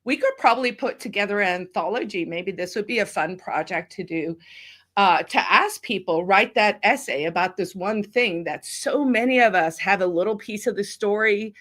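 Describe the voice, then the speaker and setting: A woman's voice: mid-range voice, normal speed, a bit bright. A woman from South Africa, a guest on a podcast, talking in a chatty, emotional way, teary and tired. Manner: chatty, emotional, laughs often. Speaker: guest, activist. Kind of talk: casual podcast chat.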